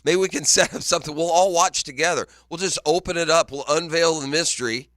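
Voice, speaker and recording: A man's voice: a little high, steady tone, brisk, fairly bright tone, no echo, clean studio sound. A man co-hosting a morning sports radio show, chatting casually, teasing and laughing often. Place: radio studio. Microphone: studio microphone.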